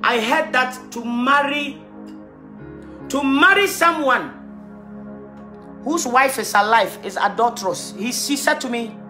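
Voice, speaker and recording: A woman preacher giving an impassioned livestreamed sermon, rising to loud exhortation. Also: high-pitched, slow, pauses often. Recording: roomy livestream audio, faint music.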